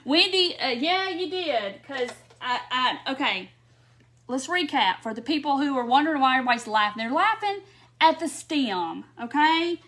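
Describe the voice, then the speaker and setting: A woman's voice: high-pitched, expressive, normal speed, fairly bright tone. A woman hosts a casual craft livestream, giggling often as she chats to viewers. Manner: giggly, laughing often while chatting to viewers. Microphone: phone or webcam on a live stream.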